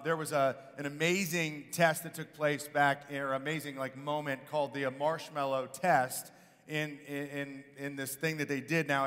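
A man preaching a sermon in a relaxed, conversational way, with fillers and restarts. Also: fairly high pitch. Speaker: pastor. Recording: echoey hall.

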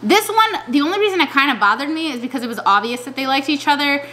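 A young woman chatting casually in a vlog, slangy and animated, often trailing off and restarting. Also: sits high, fast, slight background noise. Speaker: vlogger. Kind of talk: casual chat.

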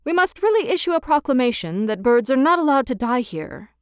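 A man's voice: extremely high pitch, big pitch swings, a little fast, a bit bright, smooth, dry recording, clean studio sound, exaggerated voice. A woman voicing a pompous, self-important male town mayor in a storybook reading.

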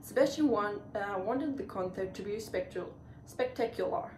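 A woman's voice: medium pitch, moderate pace, a little mellow. A woman reading a children's storybook aloud, stumbling and restarting on words now and then. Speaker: reader. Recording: echoey room, far from the mic, faint hiss.

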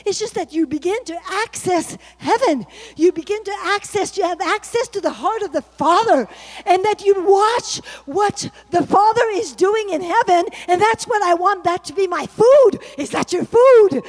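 A middle-aged woman preaching a sermon as a guest speaker, swinging from loud exclamations to soft, low musing. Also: lively intonation, moderate pace.

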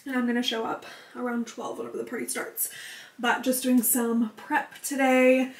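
A woman's voice: a little high, level tone, normal speed. A young woman chatting to the camera in a casual home vlog, a little out of breath, bubbly and full of fillers. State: out of breath from pregnancy. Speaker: vlogger. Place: home, indoors. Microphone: camera mic. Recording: echoey room.

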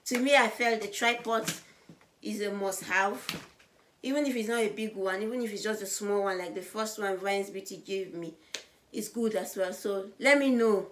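Woman, vlogger, loud and bubbly, high voice, mid pitch. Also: normal speed, a little hiss or hum. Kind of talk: casual vlog to camera.

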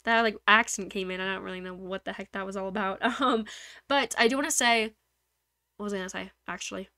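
A woman's voice: mid-range voice, fast talker, pushed and bright. A young woman streaming a game, chatting casually with viewers in a rambling, giggly way that keeps breaking off mid-thought. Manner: rambling, giggly, self-interrupting. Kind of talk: casual live-stream chat. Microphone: desk microphone. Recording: game music playing behind. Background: game music.

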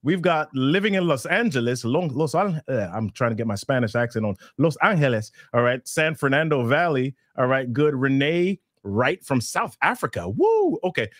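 Upbeat male host, animated delivery, dry and close. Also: mid-range voice, moderate pace, hardly any pauses, no room sound. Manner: lively, playful, fumbles names. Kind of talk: live show hosting, reading chat.

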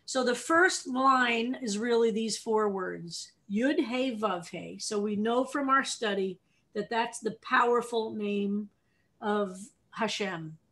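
A woman's voice: a little high, slow pace. American woman rabbi teaching a class. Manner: animated explainer, asks the class questions. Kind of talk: teaching a text study session.

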